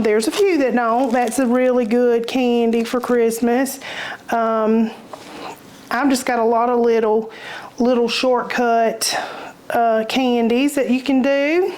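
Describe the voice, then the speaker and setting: A woman's voice: on the high side, a little mellow, slight background noise. A woman with a Southern US accent hosting a casual home cooking demonstration, folksy and chatty, with easy laughs. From Southern United States. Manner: folksy, chatty, says y'all, laughs easily. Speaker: cooking channel host. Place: home kitchen.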